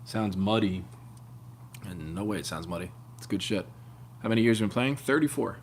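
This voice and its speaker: A man's voice: expressive, brisk, slight background noise. A man in his late thirties hosting a live stream, chatting casually in a rambling, laid-back way with plenty of swearing. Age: 30s. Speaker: livestream host, bassist. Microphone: open-air room mic. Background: loud bass playing.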